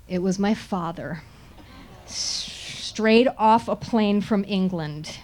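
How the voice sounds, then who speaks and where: A woman telling a funny first-person story in an animated way, often laughing and sounding indignant. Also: medium pitch, slow.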